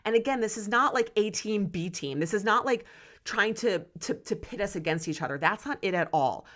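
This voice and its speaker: A woman's voice: mid-range voice, animated, moderate pace, fairly bright tone. Impassioned woman hosting a solo podcast. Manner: impassioned, candid, swearing. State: close to tears. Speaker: podcast host.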